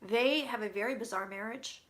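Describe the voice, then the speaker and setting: A woman giving a casual psychic reading, relaying what she hears in quick quotes and swearing casually. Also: a little high, a bit bright. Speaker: psychic reader. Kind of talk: casual intuitive reading to camera.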